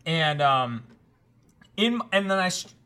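A man with a bright, somewhat high voice tells a story in a relaxed podcast chat. He gets animated and acts out the lines of the people in the story. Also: slow pace, clean tone. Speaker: podcast host. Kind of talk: casual group chat.

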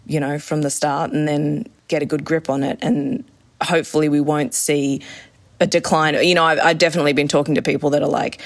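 Enthusiastic woman, lively storytelling. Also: low voice, brisk. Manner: enthusiastic, acts out quotes in shifting voices. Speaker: roller skating instructor. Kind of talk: casual interview chat.

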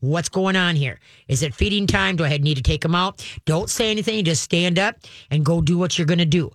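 Chatty animated woman radio host. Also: on the low side, a little fast, dry recording. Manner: animated, chatty storytelling with acted-out voices. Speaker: radio pet show host and dog trainer. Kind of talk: call-in radio talk.

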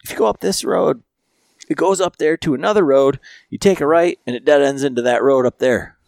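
A man's voice: fairly high pitch, brisk, gravelly, darkish tone, dry recording, pitched above the performer's own voice. A man imitating an older male hunting buddy who gives meandering, repetitive directions. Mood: rambling.

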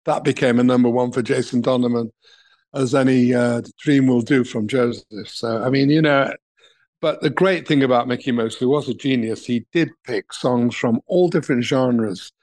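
A man's voice: mid-range voice, normal speed, darkish tone. Older English man, talent manager, anecdotal interview storyteller with a chuckle. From England. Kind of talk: reminiscing interview answers.

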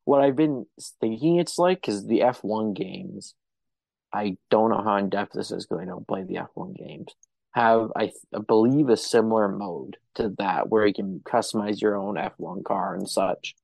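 A man's voice: lowish voice, moderate pace, vocal fry, darkish tone, no room sound. A man hosting a podcast in a casual chat, with a wry, offhand sense of humor. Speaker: podcast host.

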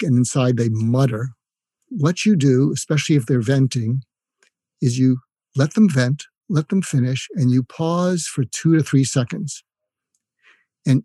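Older man, dark husky voice, earnest. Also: mid-range voice, no echo. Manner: earnest, demonstrates phrases in a softer voice. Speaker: guest psychiatrist and coach. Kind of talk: conversational explaining with acted examples.

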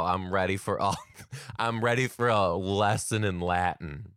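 A man and comedian telling a story casually to camera, animated, laughing often and swearing freely. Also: sits low, measured pace, clean tone, no room sound, studio quality.

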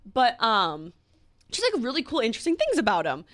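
A woman's voice: on the high side, very animated, brisk, fairly bright tone, no room sound, studio quality. A woman with a Long Island accent, co-hosting a podcast and telling a dating story in a casual, chatty way full of fillers. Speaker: podcast co-host. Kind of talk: casual chat.

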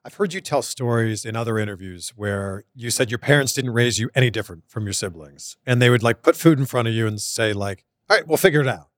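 A man's voice: mid-range voice, fast talker, hardly any pauses, no echo, studio quality. Attentive male interview host. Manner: attentive, brief affirmations. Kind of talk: casual interview.

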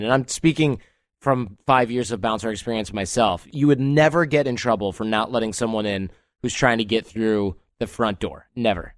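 Man, podcast host, mid-pitched voice, chatty storyteller, dry close sound. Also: brisk, no room sound. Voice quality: chatty, storytelling, laughs easily. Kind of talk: casual podcast conversation.

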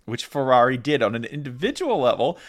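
A man's voice: medium pitch, very animated, fairly quick. A man co-hosting a podcast in casual chat, joking and rambling with frequent restarts. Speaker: podcast co-host.

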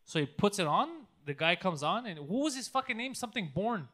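A man's voice: sits high, brisk. A man chatting casually and telling a story, acting out the voices with lots of laughter. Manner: animated storyteller, acts out voices, laughs often.

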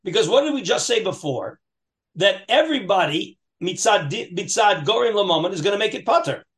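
A man's voice: high voice, lively intonation, fairly quick, fairly bright tone. A man teaching a Talmud class, reading passages aloud in a lilting chant and then explaining them with frequent restarts and questions to his students. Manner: reads Aramaic text aloud in a singsong lilt, then explains, with many restarts.

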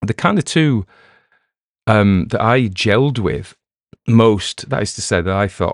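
Low-voiced man chatting casually. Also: expressive, moderate pace, no room sound, studio quality. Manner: rambling, self-correcting, chatty. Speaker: podcast host. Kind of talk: casual chat.

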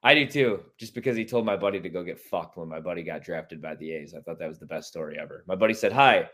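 A man's voice: sits low, fast talker. A man from Chicago hosting a casual sports talk show, swearing freely with strong opinions. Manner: profane, animated and opinionated. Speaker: sports radio host.

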